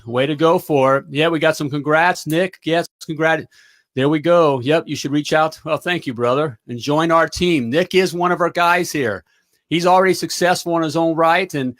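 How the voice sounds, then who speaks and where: A middle-aged man hosts a live talk show with a somewhat high-pitched voice. He talks in an energetic, motivational pep-talk style and keeps checking in with his audience. His delivery is upbeat and coaching. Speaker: talk show host and plumbing business coach.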